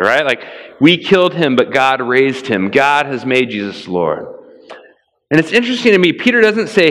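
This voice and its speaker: A man preaching a sermon in a casual, conversational way, acting out little dialogues in a raised voice. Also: fairly bright tone. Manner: casual and conversational, acts out dialogue with rising pitch. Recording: long hall reverb.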